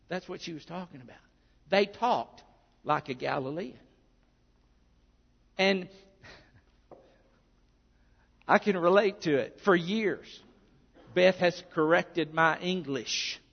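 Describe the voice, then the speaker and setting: A male pastor delivers a sermon in a high, gravelly voice. He keeps it earnest and conversational, with plenty of asides. The recording is dull and muffled, with a long church-hall reverb trailing his words. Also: takes it slowly, long pauses. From Arkansas, US.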